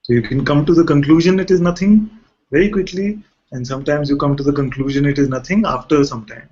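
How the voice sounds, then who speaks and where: A man's voice: a little high, fast talker, a little mellow. A man who is a spiritual teacher, giving a conversational talk to a gathering and often asking rhetorical questions. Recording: muffled lo-fi recording.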